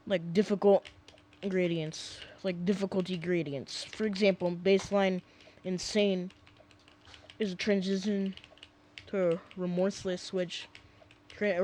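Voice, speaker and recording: A man's voice: high-pitched, darkish tone, a little hiss or hum. A young man casually rambling through gameplay commentary at home, often sidetracked and full of fillers. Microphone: desk mic.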